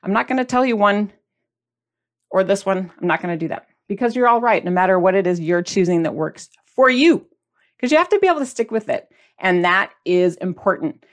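On her diet podcast, a woman with a mid-range, expressive voice chats briskly and casually with viewers. Holding up products as she speaks, she asks the audience questions and teasingly acts out their reactions.

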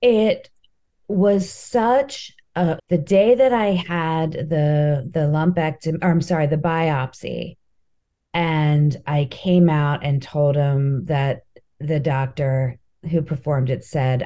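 A woman comedian speaks as a podcast guest, candid and heartfelt in her stories. Her voice is low and mellow, and she talks at a slow, easy pace. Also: fairly even intonation. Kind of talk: casual interview chat.

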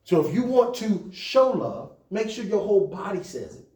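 High-voiced preaching man, echoey hall. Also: big pitch swings, moderate pace, darkish tone. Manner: conversational preaching with rising emphatic peaks. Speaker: pastor. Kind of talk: sermon to church leaders. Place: church.

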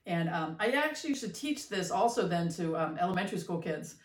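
Middle-aged woman, lowish, roomy sound. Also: animated, a little fast, far from the mic. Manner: reflective, teacherly, hesitant fillers. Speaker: podcast co-host. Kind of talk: casual conversation.

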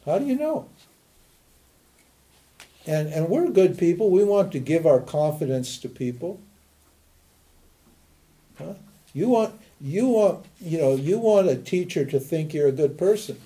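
A man's voice: fairly high pitch, expressive, a little slow, pauses often, warm tone. An older man from Montana, giving an emphatic teaching talk and answering his own rhetorical questions. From Montana, USA. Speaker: spiritual teacher.

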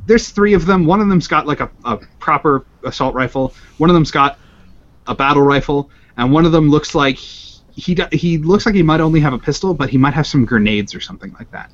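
Guy game-mastering a tabletop game, slightly high voice, chatty, dull lo-fi sound. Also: expressive, brisk. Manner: chatty, laughs while describing. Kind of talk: running a tabletop game, casual. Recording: dull lo-fi podcast audio.

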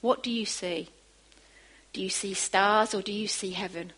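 A woman preaching a sermon, moving from quiet asides to emphatic, rising bursts. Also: mid-range voice, fairly even intonation, normal speed, slightly rough, rough recording.

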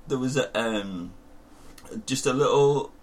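A man's voice: medium pitch, slow. A young man with a Northern English accent, a laid-back co-host in casual chat who laughs often. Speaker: podcast co-host. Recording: faint background noise.

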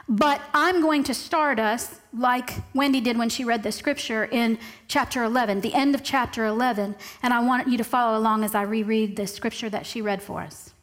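A woman preaching a sermon, reading scripture aloud and slowing down to stress key words. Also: fairly high pitch. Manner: reads scripture aloud, slows down for emphasis.

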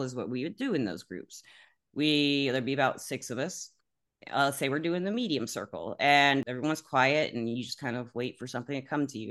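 A woman's voice: rumbling low, fairly bright tone. A woman from Alabama with a Southern accent, a podcast host chatting casually, rambling and laughing often. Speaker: podcast host, tarot reader. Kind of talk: casual interview chat.

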